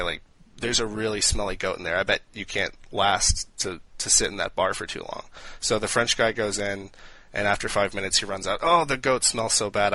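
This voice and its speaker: A man co-hosting a podcast, chatting casually and telling jokes in a lively way with lots of fillers. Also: lowish voice, dry recording, rough recording. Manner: animated joke-telling with frequent fillers. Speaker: podcast co-host.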